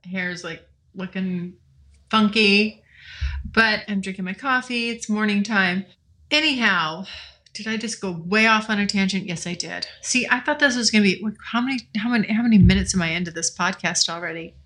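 A woman's voice: medium pitch, moderate pace, sharp tone. A woman in her forties hosting a casual solo podcast, talking candidly, swearing freely and laughing often. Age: 40s. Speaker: podcast host. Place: home, morning with coffee.

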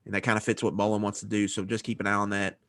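A man's voice: on the low side, flat delivery, racing, fairly bright tone, no echo. A man co-hosting a casual college football podcast, running through his notes in a matter-of-fact way. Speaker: podcast co-host. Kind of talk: casual sports chat.

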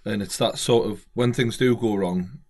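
A man with a Geordie accent and a somewhat low voice chats as a podcast host. He talks in a relaxed way, with some hesitation. He leans into the conversation. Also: normal speed. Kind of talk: casual chat.

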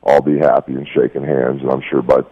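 Deep, husky middle-aged man heard over a tinny phone line. He tells his story in a heated, profane rush, dropping "brother" as he goes. The voice sits very low and rough. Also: flat delivery, brisk. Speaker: guest. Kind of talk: casual phone interview.

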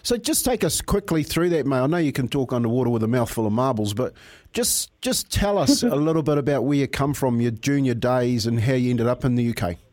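A man's voice: mid-range voice, animated, fairly quick, a little mellow, no echo. A man co-hosting sports radio, teasing and joking with a mate. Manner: teasing, jokey, matey. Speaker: radio co-host, former player. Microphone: studio mic.

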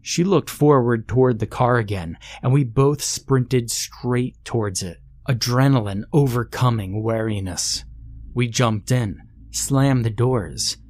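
A man reading a first-person creepypasta horror story aloud in a slow, hushed, somber narration. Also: medium pitch.

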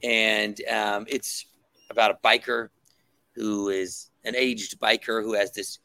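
Man, comic creator guest, gravelly voice, dry sound, enthusiastic and full of ums. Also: fairly low pitch, level tone, slow, bright, forceful tone, no echo. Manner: enthusiastic, many ums and restarts. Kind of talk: casual podcast chat.

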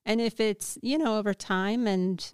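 A woman appearing as a podcast guest and writer, telling stories in a lively, casual way and laughing often. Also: medium pitch, normal speed, clear, resonant tone, dry recording, clean studio sound. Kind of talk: casual conversational chat.

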